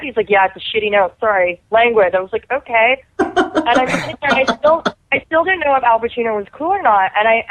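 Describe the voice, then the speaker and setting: A woman, a guest actor telling stories in a chatty, animated way full of "like" fillers. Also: on the high side. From Canada. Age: 30s. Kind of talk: casual storytelling. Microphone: phone call. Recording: tinny phone line.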